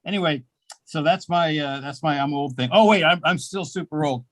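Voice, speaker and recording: Older man doing halting deadpan stand-up. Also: on the high side, no echo. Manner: deadpan, self-mocking, halting with fillers. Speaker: stand-up comedian. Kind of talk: stand-up set at an open mic. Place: small comedy club.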